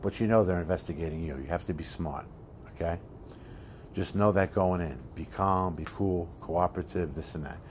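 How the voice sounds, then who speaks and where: An actor playing a hulking, foul-mouthed criminal who talks bluntly and swears constantly in a low-budget film monologue. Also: male voice, moderate pace, a little hiss or hum, close to an everyday voice. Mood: instructive. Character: hulking profane criminal man, coldly scheming.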